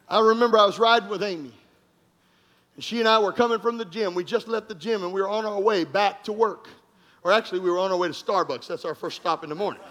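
A pastor preaching an energetic sermon to his congregation, telling stories with jokes and bursts of shouting. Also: high voice. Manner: animated, joking, breaks into shouts. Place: church congregation room.

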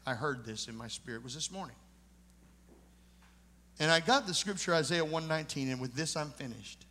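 A male pastor delivers a sermon with personal testimony, moving between emphatic points and hushed asides. His voice sits a little high for a man. The long reverb of a church sanctuary trails each line. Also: fairly quick. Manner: earnest storytelling preacher, emphatic and then hushed.

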